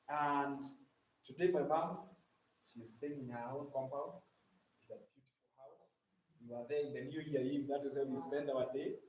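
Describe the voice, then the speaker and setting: A man's voice: on the high side, darkish tone, a little hiss or hum. A man gives a motivational live talk as a digital marketing coach, often asking the audience for agreement. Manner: preachy, asks audience for agreement. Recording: echoey room, distant mic.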